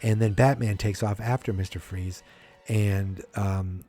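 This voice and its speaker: Male podcast host with a low voice, loose chatty delivery, drops into silly voices for quotes. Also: fairly even intonation, a little slow, dark tone. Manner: rambling recap that acts out quotes in silly voices. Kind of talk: casual movie review chat.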